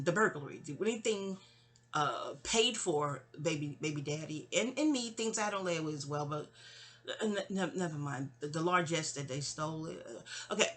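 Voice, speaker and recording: Rambling bright-voiced New woman. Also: low voice, husky. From New York City. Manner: digressive, self-interrupting, sighing asides. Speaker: memoir narrator. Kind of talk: rambling personal storytelling.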